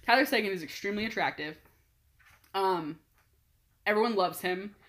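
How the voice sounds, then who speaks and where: A young woman chatting casually as a podcast co-host, excitable, swearing freely and laughing often. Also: medium pitch, normal speed. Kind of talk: casual chat, storytelling.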